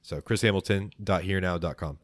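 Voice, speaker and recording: A man hosting a tabletop game podcast as game master, narrating the story in a measured, playful way and doing the show announcements. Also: sits low, no echo, clean studio sound.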